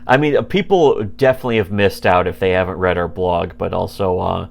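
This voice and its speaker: A man's voice: deep voice, creaky. A man co-hosting a casual comedy podcast about webcomics, rambling with many fillers and briefly mimicking the characters he describes. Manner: rambling, many fillers, acts out comic characters in quick put-on voices. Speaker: podcast co-host.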